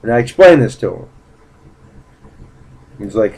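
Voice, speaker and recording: A man's voice: lowish voice, sing-song, unhurried, warm tone, breathy edge, rough recording. A man casually recounting a personal story in a blunt, profane way, rambling with fillers and restarts. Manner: blunt, profane, indignant retelling. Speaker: vlogger.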